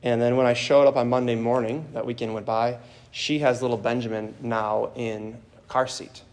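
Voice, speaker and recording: A man's voice: mid-range voice, level tone, normal speed, darkish tone. A man preaching a homily as a priest, telling a story in an earnest, plain way.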